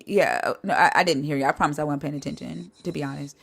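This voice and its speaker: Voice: mid-range voice, steady tone, fast talker, vocal fry, fairly bright tone. A live-stream host debating a caller, asking blunt, pointed questions and pushing back hard.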